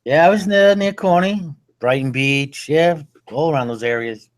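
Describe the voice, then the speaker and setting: A man's voice: a little high, normal speed. A man, a guest in a casual chat, laid-back and blunt, swearing casually. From Brooklyn, New York.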